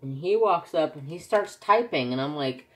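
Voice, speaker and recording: A man's voice: a little high, normal speed. Chatty man telling stories while crafting. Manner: chatty storyteller, animated when telling anecdotes. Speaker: craft vlogger. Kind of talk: casual chat while crafting.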